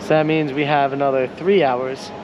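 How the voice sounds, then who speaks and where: A man hosting a casual travel vlog, talking through plans to the camera in a relaxed way. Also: mid-range voice, normal speed, highs cut off, background noise. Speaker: travel vlogger.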